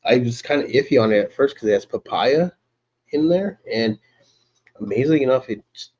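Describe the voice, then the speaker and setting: A man's voice: medium pitch, animated, fairly quick, darkish tone, slightly rough, dull audio. A man hosting a casual live stream, chatting in a laid-back way, greeting viewers by name and laughing often.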